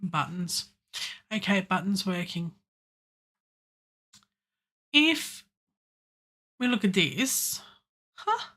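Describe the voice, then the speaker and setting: A woman in a home studio narrating her work on a live stream in a slow, unhurried way. She is playful and chatty, often talking to herself while she edits her track. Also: mid-range voice, sing-song, bright, forceful tone. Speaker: home studio musician livestreaming. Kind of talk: casual live-stream self-talk while producing music.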